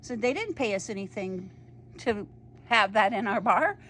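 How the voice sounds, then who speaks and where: A woman's voice: mid-range voice, animated, moderate pace, fairly bright tone. Older woman telling a folksy story. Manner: folksy, chatty, laughs while telling. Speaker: bar and lodge owner. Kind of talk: casual storytelling. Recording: faint background noise.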